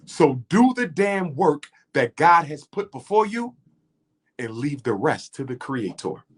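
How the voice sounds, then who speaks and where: A man's voice: a little high, very animated, measured pace, breathy edge. A middle-aged man speaking as an interview guest, impassioned and preacher-like, building his points through rhythmic repetition.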